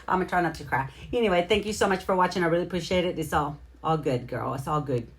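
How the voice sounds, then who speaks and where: Woman, live-stream host, slightly low voice, chatty, repeats herself, greets viewers by name. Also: fast. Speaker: livestream host.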